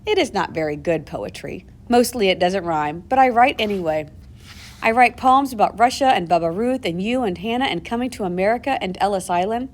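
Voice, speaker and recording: Expressive woman reading an audiobook. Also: medium pitch. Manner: expressive, shifting between hushed and urgent. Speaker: audiobook narrator. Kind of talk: first-person audiobook narration.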